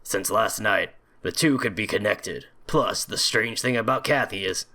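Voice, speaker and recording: With a fairly low, gravelly voice and a sharp tone, this young let's play host talks at a normal speed and hardly pauses. He reads the video game's text out loud while joking sarcastically and cursing a lot.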